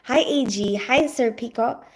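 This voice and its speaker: A woman's voice: fairly high pitch, unhurried. Chatty woman on a livestream. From Philippines. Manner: chatty and rambling, heavy on "you know" and "like", laughs often. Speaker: nurse and livestream host. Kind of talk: casual livestream chat, greeting viewers.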